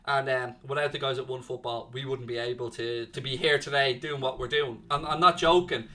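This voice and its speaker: A man hosting a live football watchalong, talking casually to his viewers. His voice sits a little high and sounds bright and forceful. He is animated and reads chat comments aloud as he goes.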